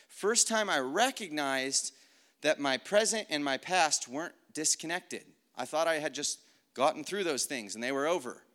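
Sharing a faith story, a man with a slightly high, a bit bright voice speaks at a moderate pace with lively intonation. His testimony is earnest and reflective, loose and conversational, packed with fillers and especially "like."

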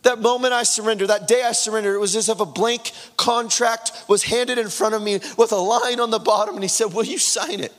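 A man's voice: high-pitched, fairly even intonation, a little fast, few pauses, a bit bright. A man preaching an impassioned, earnest sermon with personal testimony. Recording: long reverb of a large hall.

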